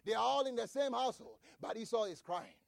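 A man preaching a sermon as pastor, reading scripture slowly and breaking into shouts for emphasis. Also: very high voice, expressive, creaky, dry recording, studio quality. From grew up outside the United States, across the Atlantic.

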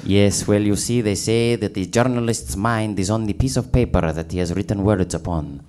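A flattering Spanish journalist, as an actor puts him on, his voice very deep and low. He hesitates with plenty of "uh"s, all in a thick mock accent for an improvised radio comedy. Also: normal speed, slight background noise, lightly acted. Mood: earnest. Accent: put-on Spanish. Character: fawning Spanish male journalist Juan. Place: live stage before an audience.

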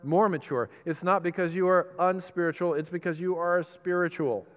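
Impassioned pastor preaching in a reverberant hall. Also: male voice, high-pitched, steady tone. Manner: impassioned preaching, swinging between loud emphatic bursts and soft, slow lines. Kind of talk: sermon.

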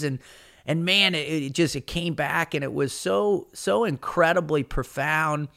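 Brief: middle-aged male podcast host, earnest and emphatic, slightly higher voice, solo motivational talk. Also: measured pace, gravelly, sharp tone. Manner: earnest, emphatic, says "man" often.

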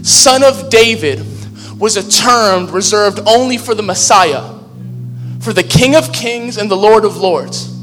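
Impassioned preacher shouting in a big hall. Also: male voice, sits high, lively intonation, a little slow. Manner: impassioned, rising to shouts, repeating phrases. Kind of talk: sermon. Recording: long reverb of a large hall with music.

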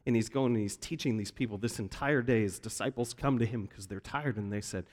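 With a lowish, darkish voice, this preacher talks fairly quickly and barely pauses. He animates his sermon story in the church sanctuary, voicing each quoted speaker, and the large hall adds long reverb.

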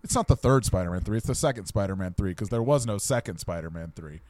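A man's voice: fairly low pitch, expressive, quick pace, darkish tone. A man co-hosting a comedy podcast who tells absurd, playful stories in casual banter. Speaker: podcast co-host. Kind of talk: improvised comedy chat.

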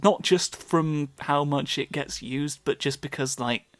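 A man's voice: a little high, a little slow, no echo. A man, co-hosting a casual podcast chat, rambling and self-deprecating with the odd swear. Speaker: podcast co-host.

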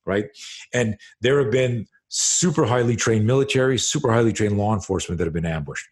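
Middle-aged man, slightly low voice, self-defense teacher recounting a tense story on a podcast, swearing and acting it out. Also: a little fast. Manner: profane, animated storyteller who acts out scenes. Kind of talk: storytelling in a conversational interview.

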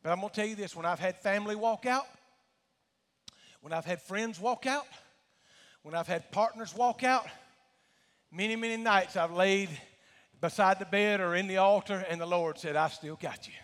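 A man's voice: sits high, normal speed, pauses often, a bit bright. A male pastor, preaching a sermon with dramatic swells. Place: church sanctuary. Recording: long church hall reverb.

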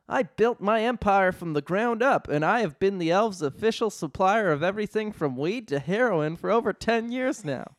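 A man's voice: high voice, no echo, clean studio sound, pitched above the performer's own voice. A man voicing a defiant, boastful male elf who runs a drug empire, speaking in a raised voice.

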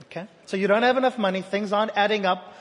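A man with a high voice delivers a sermon, rising to loud repeated declarations and dropping to near-hushed lines. His voice rings with long reverb in a church hall. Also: fairly even intonation, fast talker. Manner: dynamic delivery, swinging from loud emphatic repetition to hushed intimate tones. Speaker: preacher.

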